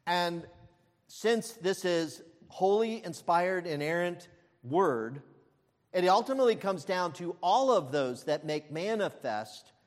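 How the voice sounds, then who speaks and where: A man preaching a sermon as pastor, emphatic, with frequent fillers and restarts and loud peaks. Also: a little high, in a large hall.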